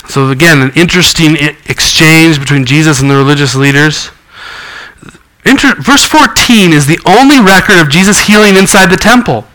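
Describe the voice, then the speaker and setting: Male pastor, bright tense voice, somewhat high, earnest sermon delivery. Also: lively intonation, normal speed, poor audio. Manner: earnest preaching with scripture reading and acted quotes.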